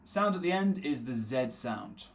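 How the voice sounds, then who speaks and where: A man runs a live online English class, speaking at an ordinary middle pitch. He says words slowly, over and over, to drill their sounds. He also reads out viewers' names from the chat and answers them. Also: animated. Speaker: English teacher.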